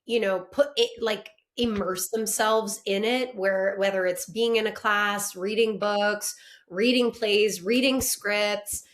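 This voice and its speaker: A woman from Canada chatting casually in an interview, talking quickly with lots of "like" and frequent laughter. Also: medium pitch, steady tone. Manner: chatty, many likes, laughs often. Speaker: actress guest.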